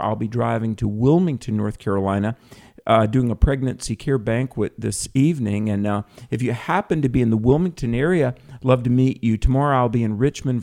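A man's voice: medium pitch, darkish tone. A middle-aged man with a Southern accent hosting a call-in radio talk show, folksy and earnest, with many fillers and restarts. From Southern United States.

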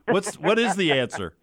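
A man's voice: sits high, huge pitch swings, measured pace, dry recording, clean studio sound. A male radio show host chatting casually with callers and co-hosts, joking and laughing often.

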